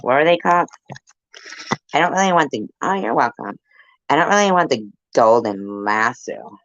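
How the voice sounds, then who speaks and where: A woman's voice: extremely low pitch, animated, moderate pace, fairly bright tone, no room sound, lo-fi sound. A woman vlogger chatting to her viewers in a rambling, jokey way, laughing at her own jokes. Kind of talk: rambling casual chat to viewers.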